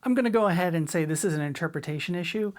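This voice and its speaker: A middle-aged woman teaching a drum lesson in a relaxed, chatty way, sometimes scatting rhythms aloud. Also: on the low side, rapid-fire. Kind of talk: casual spoken lesson.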